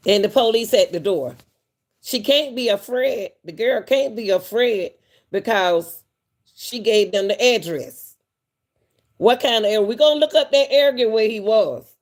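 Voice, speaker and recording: A woman's voice: a little high, a little slow. A woman hosting casual commentary on a case. She asks rhetorical questions and thinks aloud. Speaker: commentator host.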